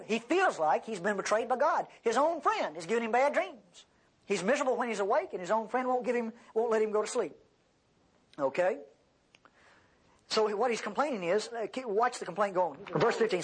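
Male Bible teacher, husky and animated, pitch swinging widely as he acts out quotes for the class. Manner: conversational, addresses the class directly.

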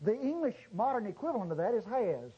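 A man preaching a sermon to a congregation, swinging from low murmurs to loud exclamations and drawing out key words. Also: very animated, husky, lo-fi sound. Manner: drawn-out stressed words. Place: church service before a congregation.

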